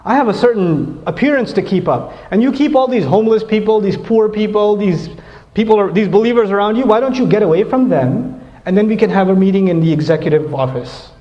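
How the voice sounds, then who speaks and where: A haughty rich man looks down on the poor, speaking fast and dismissively, as a preacher acts him out. His voice sits fairly high. A long hall echo trails behind it in a muffled recording. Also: big pitch swings, darkish tone. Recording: echoey hall, dull lo-fi sound.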